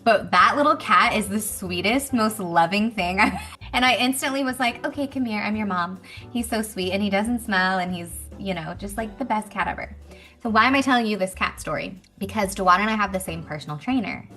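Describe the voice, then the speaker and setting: A woman in her thirties telling a story to a group in a chatty, animated way, acting out what people said. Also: mid-range voice, brisk, soft background music. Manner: animated, chatty, acts out quotes. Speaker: speaker at a women's business meeting. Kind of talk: casual storytelling talk to a group.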